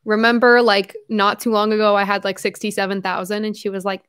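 A woman's voice: mid-range voice, steady tone, moderate pace, clean tone. A young woman hosting her own livestream, chatting casually and rambling with frequent fillers and laughs.

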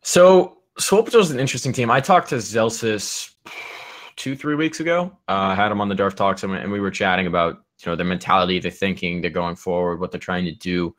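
A man's voice: low voice, brisk, fairly bright tone. A man co-hosting an esports podcast from home, talking casually and thoughtfully, with many fillers and restarts. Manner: rambling, thoughtful, lots of fillers. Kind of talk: casual chat. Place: home room with air conditioner.

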